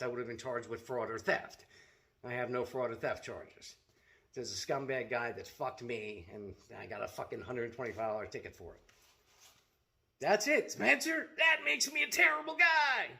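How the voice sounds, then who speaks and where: A man's voice: mid-range voice, gravelly, a bit bright. A middle-aged man telling a story in a blunt, profane, casual vlog rant as a seller of self-defense gear.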